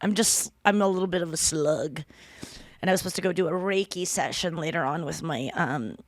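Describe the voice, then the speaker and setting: Woman podcaster rambling on, lowish voice, swears a lot, super dry close mic sound. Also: brisk, dry recording. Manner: chatty, rambling, swears freely. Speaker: podcast host. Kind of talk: casual chat.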